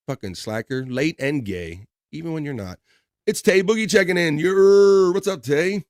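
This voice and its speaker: A man's voice: on the high side, lively intonation, moderate pace. A man hosting a casual livestream, reading viewer comments aloud and joking along, laughing often. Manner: jokey, laughs often, reads chat aloud. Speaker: livestream host.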